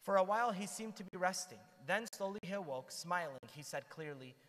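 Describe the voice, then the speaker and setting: A man telling the lives of saints to a church group in an animated storytelling manner, with asides to his listeners. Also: sits high, fairly quick, hardly any pauses. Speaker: church speaker. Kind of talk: storytelling talk to a youth group. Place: church hall. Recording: long hall reverb.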